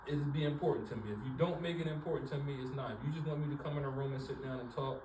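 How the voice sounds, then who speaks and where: A man's voice: medium pitch, very fast. A man on a panel speaking emphatically and repeating his points. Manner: emphatic, repetitive. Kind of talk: panel discussion. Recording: echoey room, far from the mic, noisy.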